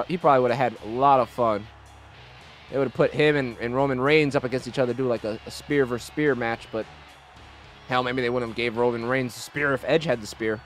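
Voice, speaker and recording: A young man giving casual, excitable and profane commentary over his own gameplay. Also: mid-range voice. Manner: excitable, profane, reacts loudly. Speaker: gaming YouTuber.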